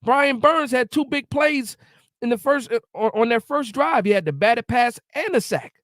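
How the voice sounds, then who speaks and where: High-voiced man ranting after a game. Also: expressive, normal speed, a bit bright, no echo, clean studio sound. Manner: emotional, ranting, repeats himself; reads and answers live chat. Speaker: sports reaction streamer. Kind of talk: live post-game reaction stream.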